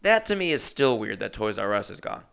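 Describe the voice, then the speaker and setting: A man's voice: fairly low pitch, fairly quick, vocal fry. A man in his thirties from New England, rambling through a profane, digressive comedic monologue as a podcast host while pacing his apartment on a corded mic. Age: 30s. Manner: digressive, profane, animated storytelling. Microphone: corded microphone.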